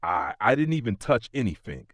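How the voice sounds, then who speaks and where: A man's voice: on the low side, big pitch swings, normal speed, fairly bright tone, no echo, studio quality. Brief: a man doing a shaky male orc boss trying to sound heroic, thick slang. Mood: stunned.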